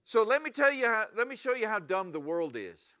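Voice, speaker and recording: A man's voice: sits high, a little fast, clean tone. A man preaching a sermon to his congregation in church, asking them questions often. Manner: animated, asks the congregation questions. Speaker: pastor. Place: church sanctuary.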